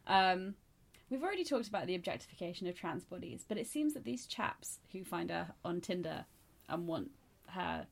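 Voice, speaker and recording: A woman's voice: fairly low pitch, lively intonation, moderate pace, creaky, few pauses. A young adult woman in a casual book club chat, thoughtful and reading quotes aloud.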